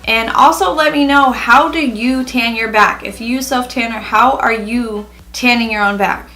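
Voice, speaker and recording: A woman's voice: on the high side, normal speed, pushed and bright, low-quality recording. A young woman chatting casually in a beauty review vlog, full of "like" fillers. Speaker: beauty vlogger.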